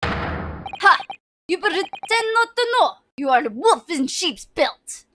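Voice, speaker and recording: A woman voicing a gruff, accusing male ship officer in a clipped, threatening put-on accent. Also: very high-pitched, very animated, takes it slowly, fairly bright tone, slight background noise, pitched above the performer's own voice, exaggerated voice. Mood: menacing.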